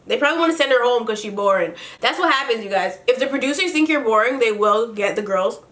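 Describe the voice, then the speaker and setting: A woman's voice: a little high, lively intonation, fast, a bit bright. A woman casually recapping a reality show while doing her makeup, sassy and profane with lots of slang. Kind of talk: casual makeup-tutorial chat. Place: home room, doing makeup on camera.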